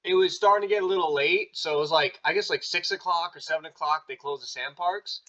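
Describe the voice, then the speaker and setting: A man's voice: a little high, quick pace, pushed and bright. A man hosting a casual interview chat, easygoing, asking questions and telling his own stories. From Staten Island, New York. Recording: dull lo-fi sound.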